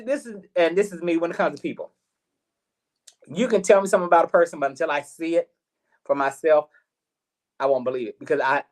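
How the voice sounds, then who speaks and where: A middle-aged man hosting a live talk show, telling a personal story in an animated way, repeating words and acting out what others said. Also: medium pitch. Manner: animated, repeats words, acts out quoted voices. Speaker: host.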